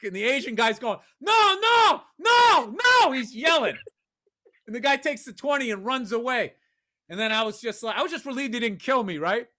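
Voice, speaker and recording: Animated, profane man telling a story. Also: very high voice, quick pace. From Massachusetts. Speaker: podcast co-host. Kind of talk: storytelling in casual chat.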